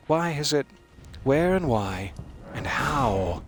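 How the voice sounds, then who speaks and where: A man's voice: mid-range voice, expressive, slow, over music. A man giving live gameplay commentary, wry and musing, chatting to the enemies he fights. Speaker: streamer playing a video game.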